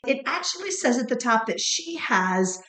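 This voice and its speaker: A playful middle-aged woman chats and giggles her way through a casual podcast conversation. Her voice sits a little high. The room around her is echoey. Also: big pitch swings, moderate pace, fairly bright tone. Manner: giggly, playful, often laughing. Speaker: podcast co-host. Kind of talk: casual chat.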